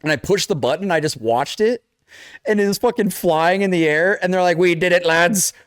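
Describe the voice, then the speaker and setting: A man's voice: high-pitched, a little fast, clear, resonant tone, no room sound, clean studio sound. A young man co-hosting a casual chat, telling a video game story with lots of swearing and acted-out lines. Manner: animated storytelling, acts out game characters, swears a lot. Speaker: podcast co-host.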